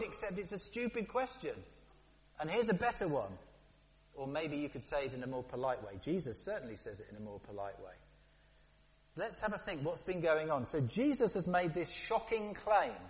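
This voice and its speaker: A man preaching a sermon in a lively, conversational way, with playful asides. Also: on the high side. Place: church hall. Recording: dull, long-reverb church hall.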